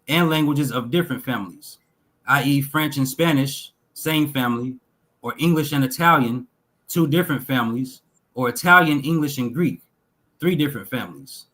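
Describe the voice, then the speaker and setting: A man slowly reading lists of words aloud from a text, pausing between each item in a measured way. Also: medium pitch, a bit bright, low-quality recording. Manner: slow, measured reading with pauses between list items. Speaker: talk show host reading linguistic examples.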